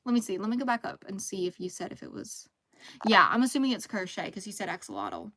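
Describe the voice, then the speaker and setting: A woman in her thirties hosting a relaxed live crochet stream, chatting casually, reading chat messages aloud and laughing often. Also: medium pitch, fast.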